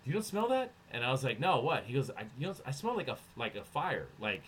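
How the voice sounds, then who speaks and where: A man co-hosting a podcast, telling a long story in casual chat, profane and animated, acting out other people's lines. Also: medium pitch, fast talker, a little hiss or hum. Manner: profane, animated, acts out voices in anecdotes. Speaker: podcast co-host.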